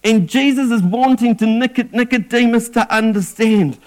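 A man's voice: very high voice, moderate pace, a little mellow. A man preaching a sermon in an earnest way, often stumbling and repeating words as he restarts.

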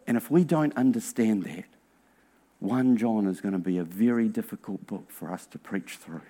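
A man preaching a sermon as pastor, earnest and emphatic, asking rhetorical questions and dropping to a hushed voice at times. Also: on the low side, moderate pace. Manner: earnest, drops to a hushed near-whisper for emphasis.

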